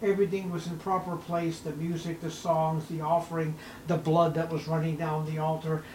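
A male pastor preaching a sermon, emphatic, swinging between hushed lines and raised, punchy ones. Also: on the high side, little pitch movement, normal speed, a little hiss or hum, low-quality recording.

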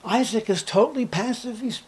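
A man preaching a sermon, telling a story dramatically, asking the listeners questions and dropping to hushed near-whispers for emphasis. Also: extremely high pitch, moderate pace, husky. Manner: asks the listeners rhetorical questions.

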